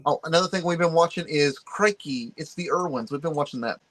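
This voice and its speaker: A man's voice: on the high side, brisk, a crowd in the background. A man co-hosting a podcast, easygoing and explaining things at length in casual chat. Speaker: podcast co-host.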